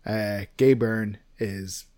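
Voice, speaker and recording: A man's voice: lowish voice, fairly even intonation, extremely slow, a little mellow, clear, resonant tone, no room sound, clean studio sound. A man with an Irish accent co-hosting a casual podcast, telling a long story in a rambling way, full of fillers and the odd swear word. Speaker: podcast co-host.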